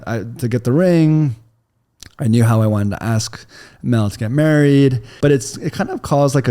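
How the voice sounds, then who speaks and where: A man in his thirties, guesting on a podcast, tells a long personal story in a chatty, casual way packed with "like" fillers. His mid-range voice is warm with vocal fry, recorded on a studio mic.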